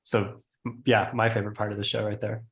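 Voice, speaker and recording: A man's voice: lowish voice, completely flat delivery, a little fast, a bit bright. A man hosting a podcast in casual chat, easygoing, steering the talk with questions. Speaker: podcast host. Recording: roomy echo.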